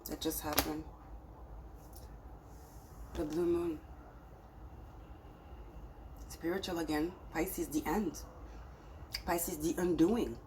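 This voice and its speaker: A woman's voice: deep voice, fairly even intonation, slow, long pauses, a little mellow, slight background noise, poor audio. A woman giving a spiritual tarot reading to her viewers, talking in an emphatic, scolding way that swings between exasperation and pleading. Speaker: tarot reader.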